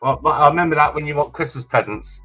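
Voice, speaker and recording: A man's voice: a little high, fast, bright, forceful tone, soft background music. A British man, the girls' father, joining a video call with casual, dry teasing banter. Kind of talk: casual chat.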